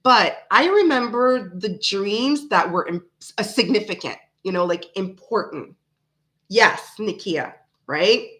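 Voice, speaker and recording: A woman's voice: mid-range voice, expressive, takes it slowly, fairly bright tone. Chatty, rambling woman tarot streamer. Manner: chatty, rambling, frank, laughs often. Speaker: live-stream tarot host. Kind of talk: casual live-stream chat.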